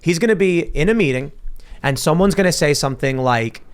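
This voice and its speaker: A man's voice: on the high side, fairly quick, clear, resonant tone. A man co-hosting a political podcast, talking casually and animatedly. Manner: animated, mimics people in mock quotes. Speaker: podcast co-host.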